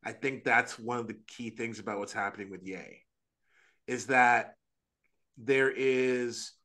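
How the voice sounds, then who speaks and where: A man speaking as an Orthodox priest on a podcast, earnest and animated, with frequent restarts and quick asides. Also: medium pitch. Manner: earnest, animated, acts out quoted voices. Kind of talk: casual religious discussion.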